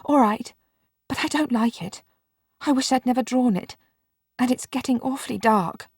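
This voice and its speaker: A woman's voice: fairly high pitch, normal speed, a little mellow, slightly rough, no room sound, clean studio sound, pitched above the performer's own voice. A woman doing a timid, polite young girl. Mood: uneasy.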